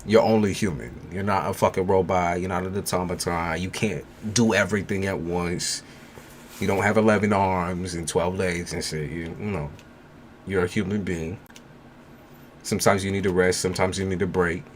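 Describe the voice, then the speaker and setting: Blunt male tarot reader, low voice, faint background hiss. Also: steady tone, normal speed. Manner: blunt, casual, reassuring. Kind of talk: live-stream tarot reading.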